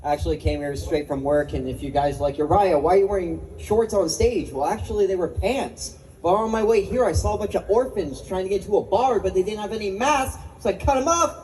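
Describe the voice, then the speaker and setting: A man's voice: high voice, brisk, few pauses, mellow, poor audio. A young man doing a stand-up comedy set at an open mic, self-mocking and swearing, laughing at his own jokes.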